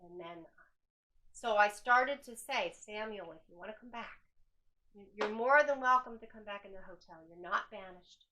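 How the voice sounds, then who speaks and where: Woman hotel owner, bright clear tone, lively storyteller who acts out the voices she quotes. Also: medium pitch, normal speed, low-quality recording. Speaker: hotel owner leading ghost hunts. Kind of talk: casual storytelling. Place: indoors in an old hotel.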